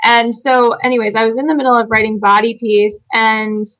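A woman author chatting casually on a podcast, telling a personal story with lively acted-out quotes and frequent laughter. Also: a little high, normal speed, dull audio. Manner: animated storyteller, acts out quotes, laughs often. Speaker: guest author.

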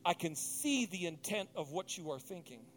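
A man's voice: sits high, big pitch swings, moderate pace, fairly bright tone, a little hiss or hum, pitched below the performer's own voice. A man voicing God, casual and probing. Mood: earnest. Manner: street-casual, probing questions. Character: God, calm and fatherly, speaking casually.

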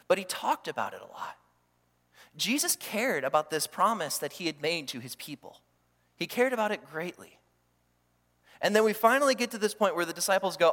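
As pastor, a man preaches a sermon in an animated way, acting out the voices of those he quotes. His voice sits high and moves at a normal speed, and the recording has long hall reverb.

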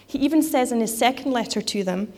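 A woman's voice: a little high, animated, brisk, a little mellow. A woman giving a sermon in a conversational way, with frequent fillers and restarts. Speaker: preacher.

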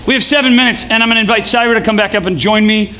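Amid a noisy background, a young pastor preaches very fast in a high-pitched voice to a live event-hall audience. He keeps it casual and jokey, leading call-and-response chants that climb to shouts.

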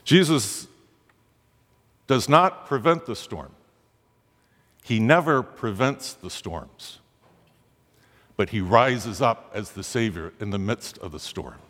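A man's voice: expressive, takes it slowly, pauses often, fairly bright tone. Preacher man in a reverberant hall. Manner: dramatic, rising pitch on quoted pleas. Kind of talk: sermon.

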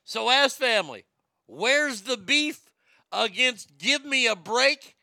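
A middle-aged man hosting a comedic show segment, ranting loudly and profanely and repeating himself. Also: extremely high pitch, animated, takes it slowly, creaky, no echo, studio quality. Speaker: show host.

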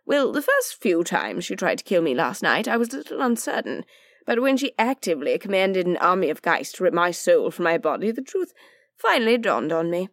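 A lazy, witty aristocrat drawls his lines with droll sarcasm, voiced by a woman. The voice sits low and relaxed. It is recorded close with no room around it, like a story read aloud. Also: fairly quick, no room sound. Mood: sardonic. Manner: droll, languid and teasing. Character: dry, sardonic aristocratic man, lazy and witty.

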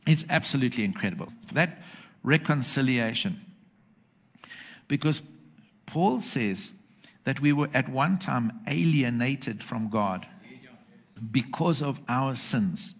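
A man's voice: mid-range voice, lively intonation, slow pace, pauses often. Emphatic male preacher. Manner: emphatic, asks the congregation for agreement. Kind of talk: sermon. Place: church with congregation.

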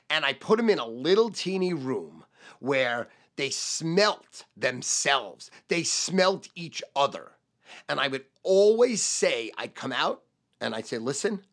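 A middle-aged man, a sales trainer giving a profane motivational rant and shouting repeated keywords. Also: mid-range voice.

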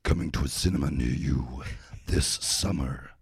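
A man putting on a booming movie-trailer narrator voice, slow and dramatic. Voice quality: deep gravelly rumble. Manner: slow, loud, dramatic pronouncements. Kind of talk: casual podcast banter.

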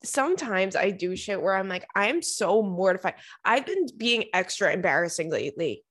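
A woman's voice: medium pitch, very animated, moderate pace. A young woman casually telling funny stories to her viewers. She laughs often, swears freely and keeps calling her listeners "girl". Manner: chatty, says "girl" and "like" a lot. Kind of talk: casual storytelling to camera.

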